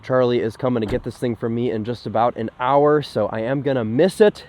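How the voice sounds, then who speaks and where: A man with a sick-sounding, slightly mellow mid-range voice talks fairly quickly as he gives a casual, enthusiastic point-of-view review of a car from inside and around it. He's chatty and upbeat, dropping "like" constantly.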